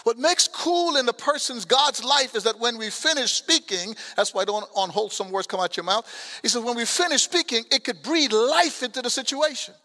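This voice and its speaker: High, bright-voiced preacher with an accent. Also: male voice, expressive, moderate pace. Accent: foreign accent. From abroad. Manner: preaching with call-outs to the congregation, colloquial asides. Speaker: pastor. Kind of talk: sermon. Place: church sanctuary. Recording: long church hall reverb.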